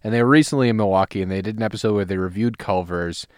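A man's voice: fairly low pitch, racing, smooth, dry recording, clean studio sound. A young man from Wisconsin co-hosting a podcast, joking crudely and complaining dramatically. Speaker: podcast co-host. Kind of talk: casual podcast chat.

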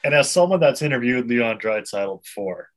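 A man's voice: mid-range voice, animated, moderate pace. A man co-hosting a casual sports podcast, blunt and laid-back. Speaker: podcast co-host.

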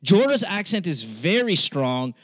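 A podcast host with a Western, nearly Americanized accent chats in a casual, profane, argumentative way, stammering and restarting often. His voice is high and very animated, his pace measured, with no room sound.

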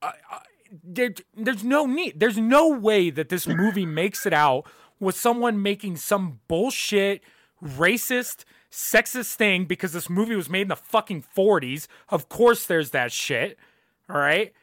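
A man's voice: high voice, lively intonation, unhurried, a bit bright, no echo, studio quality. A young man hosting a podcast, ranting casually and emphatically, swearing often and repeating his points. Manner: profane, emphatic, repeats himself.

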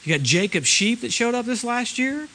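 A middle-aged man preaching a sermon at a church service, animated, swinging from loud exclamations to low murmurs. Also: moderate pace. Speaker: guest preacher.

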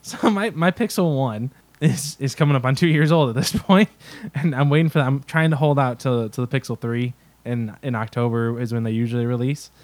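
A man in a relaxed casual chat who chuckles through his sentences and rambles, restarting his thoughts. His mid-pitched voice sounds close and dry. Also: fairly quick, no room sound.

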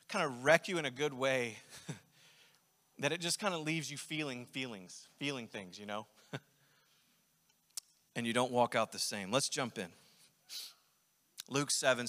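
A man's voice: on the high side, bright, forceful tone. A young man, preaching a sermon in a conversational, self-deprecating way with rambling asides. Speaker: pastor. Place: church sanctuary. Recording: long reverb of a church hall.

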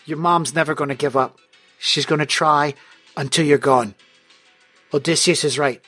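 A man's voice: a little high, steady tone, moderate pace, sharp tone, faint music behind. A man voicing a blunt male mob boss who talks straight and uses mocking pet names.

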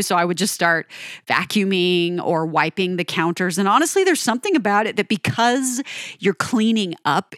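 Emotional and sincere, this woman talks directly to her viewers, encouraging self-care as her pace quickens and eases. She's a music video creator with a medium-pitched, fairly bright voice, recorded in studio quality without room sound.

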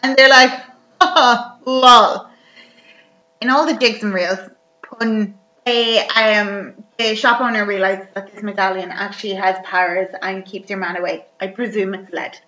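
A woman's voice: mid-range voice, fairly even intonation, moderate pace, bright, forceful tone. A woman chatting animatedly, recapping a film as a podcast co-host. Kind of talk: casual chat recapping a film. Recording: roomy, dull lo-fi recording.

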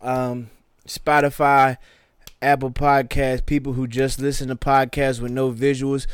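A man's voice: mid-range voice, little pitch movement, unhurried, smooth, no echo, studio quality. A man co-hosting a podcast in casual, slangy, laid-back chat, telling stories and thanking listeners. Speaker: podcast co-host.

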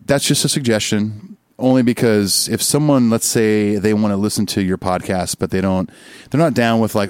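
Brief: easygoing male podcast co-host, lowish voice, dead-dry studio sound. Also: no room sound. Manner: chatty, gives friendly advice. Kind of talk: casual chat.

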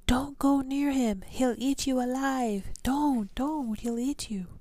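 A woman yelling as frantic townsfolk. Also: high-pitched, slow, pitched above the performer's own voice. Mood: panicked. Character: panicked crowd of townspeople shouting warnings.

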